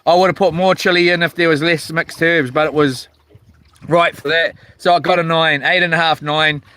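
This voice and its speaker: A man with a New Zealand accent talks in a relaxed, slangy way on a casual live stream. His voice sits a touch high and sounds bright and crisp. The sound is dry and close, and he chats from a small boat outdoors. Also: moderate pace. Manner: laid-back, slangy, reads viewer comments aloud. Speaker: livestreaming fisherman.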